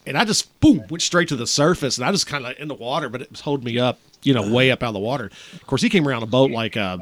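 A man's voice: mid-range voice, quick pace, a bit bright. A man casually telling a personal story to friends, rambling with restarts.

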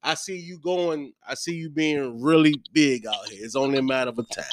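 A man hosting a podcast interview in a relaxed, slangy way, often repeating his phrases. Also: mid-range voice, fairly quick, no echo. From Virginia, USA. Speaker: podcast host. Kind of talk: casual interview chat.

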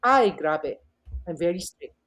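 A woman's voice: lowish voice, lively intonation, unhurried, a bit bright. A woman with a Filipino accent, a professor, telling stories expressively and switching between English and Tagalog. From Philippines. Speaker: professor and guest speaker. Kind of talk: animated storytelling talk.

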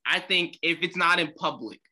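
A young man co-hosting a podcast, animated and slangy, saying "bro" a lot. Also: fairly high pitch, normal speed. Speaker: podcast co-host. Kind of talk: casual chat.

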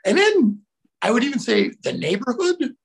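Gravelly, high-voiced man telling stories. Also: normal speed. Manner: animated, acts out quotes with sudden shouts. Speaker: guest. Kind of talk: casual storytelling.

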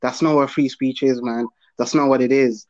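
A man chats casually on a podcast, slangy and full of stumbling restarts. His mic sounds dull and lo-fi, with the highs cut off. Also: fairly even intonation, normal speed, darkish tone. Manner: casual, slangy, hesitant restarts, says bro. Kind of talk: casual political podcast chat.

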